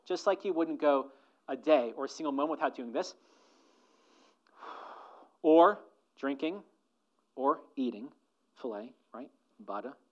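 A man's voice: on the high side, measured pace, long pauses, lo-fi sound. A man preaching a sermon to his congregation, earnest and full of rhetorical questions. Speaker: pastor.

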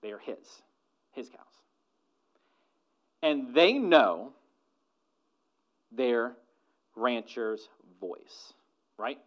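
A man preaching a sermon as a pastor, moving between soft asides and loud emphatic lines and putting rhetorical questions to the congregation. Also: medium pitch, animated, extremely slow, pauses often, highs cut off.

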